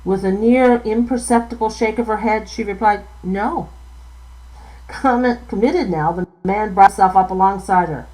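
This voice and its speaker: A woman author reads her own novel aloud in a live reading. She goes at an even, unhurried clip, tripping over a word now and then and correcting herself before carrying on. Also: mid-range voice, low-quality recording.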